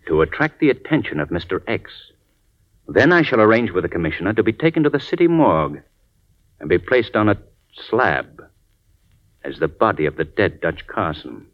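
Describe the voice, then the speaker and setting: A suave composed gentleman detective. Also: fairly low pitch, big pitch swings, normal speed. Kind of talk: 1940s radio acting. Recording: dull lo-fi old radio recording.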